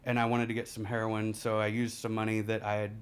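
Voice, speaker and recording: A man, a podcast guest telling a rambling, candid story and laughing through the dark parts. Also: lowish voice, completely flat delivery, quick pace, clear, resonant tone. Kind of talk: casual storytelling.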